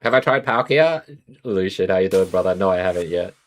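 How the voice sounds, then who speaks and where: A man's voice: low-pitched, lively intonation, a little fast, faint music behind. A young Australian man streaming a card game, chatting casually with viewers and thinking aloud about his moves. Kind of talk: casual live-stream commentary while playing a card game.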